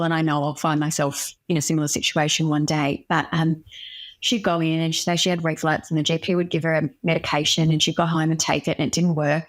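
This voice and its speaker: A young woman, a doctor interviewed as a guest, tells a personal story in a frank and candid way. Her voice sits fairly low, and her feeling shows now and then as she talks.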